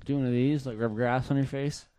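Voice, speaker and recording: A man co-hosting a comedy show with goofy, joking reactions, recorded over loud background noise and clicks. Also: mid-range voice, fairly even intonation, a little fast, clear, resonant tone. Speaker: comedy co-host. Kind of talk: comedic banter.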